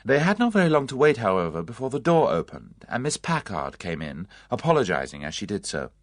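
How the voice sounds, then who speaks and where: An audiobook narrator reading a story in an expressive storytelling manner. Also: mid-range voice, a little fast, no echo, clean studio sound.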